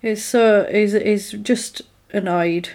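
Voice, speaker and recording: A woman chatting casually, retelling a film's plot and acting out the characters' lines in quick voices. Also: medium pitch, fairly even intonation, a little mellow.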